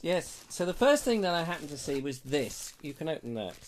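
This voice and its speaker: A British man hosting a live stream in a casual, jokey way, reading out viewer comments and adding playful asides. His pitch is lively and swings widely. He sounds close and clear on a lapel mic. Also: brisk, slight background noise. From Britain. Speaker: host of a live online show.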